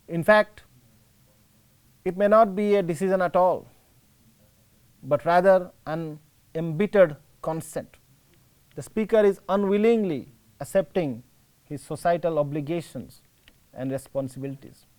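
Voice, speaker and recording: A male teacher with an Indian English accent, giving a slow, explanatory classroom lecture and rephrasing his points. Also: high-pitched, a little mellow.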